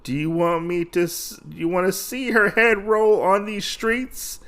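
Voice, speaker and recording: A man's voice: high voice, fairly even intonation, unhurried, fairly bright tone, voice pushed up. A man voicing a cold male sword assassin who taunts while holding a hostage, retold loosely in a comic recap. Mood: taunting.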